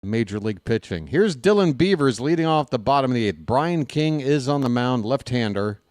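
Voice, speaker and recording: A man's voice: mid-range voice, lively intonation, moderate pace, a little mellow, dry recording, clean studio sound. A man doing live fan play-by-play of a baseball game, chatty and joking, openly rooting for his team.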